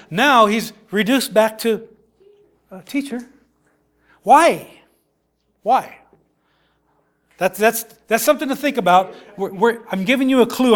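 High-voiced middle-aged male preacher. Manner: conversational, repeats words, acts out quotes. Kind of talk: sermon.

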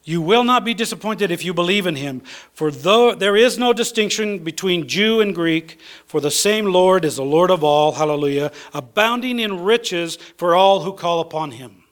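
A man preaches a sermon in a church, his voice sitting slightly higher than most men's. He reads scripture aloud, stops for fillers, then drives his key points home by saying them twice. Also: normal speed, a bit bright. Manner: preaches with rising emphasis, repeats key phrases. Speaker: pastor.

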